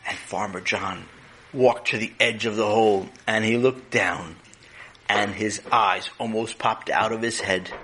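A man's voice: lowish voice, fairly even intonation, unhurried, pushed and bright, a little hiss or hum. Playful man telling a children's story. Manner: playful, addresses listeners directly.

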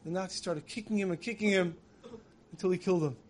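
A man with a high voice preaches in a vivid storytelling way. He recounts dramatic events with feeling and slips into the voices he quotes. His delivery swings from loud emphasis to hushed moments. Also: quick pace, a little hiss or hum.

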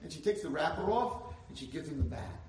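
A man giving an inspirational Torah lecture, telling a story and building to loud, emphatic peaks. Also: on the high side, very animated, a little fast, distant mic. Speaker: rabbi lecturer. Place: lecture hall. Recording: echoey hall, speaker away from mic.

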